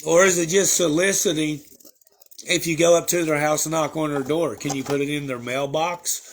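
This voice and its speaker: A man's voice: fairly high pitch, fairly even intonation, normal speed, a little hiss or hum. A young man chatting casually to his viewers, telling a rambling story with crude slang and lots of fillers. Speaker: livestreamer.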